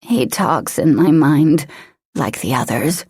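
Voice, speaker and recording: A woman narrator voicing a dazed, possessed young pregnant woman who speaks slowly in a slurred, sing-song way. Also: sits low, expressive, a little mellow, breathy edge, no echo, studio quality, exaggerated voice. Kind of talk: audiobook character voice.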